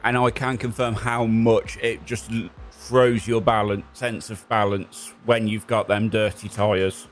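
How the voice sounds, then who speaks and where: A man's voice: fairly low pitch, flat delivery. Man calling race traffic. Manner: brisk, jokey, calls traffic in short bursts. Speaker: race spotter. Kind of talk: live radio spotting during a sim race.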